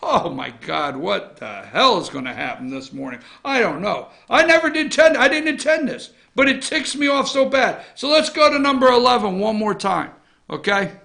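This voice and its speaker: A man ranting, high and bright. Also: expressive, moderate pace, gravelly. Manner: swings between loud outraged shouting and low muttering asides. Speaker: host of a morning opinion show. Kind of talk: ranting political commentary.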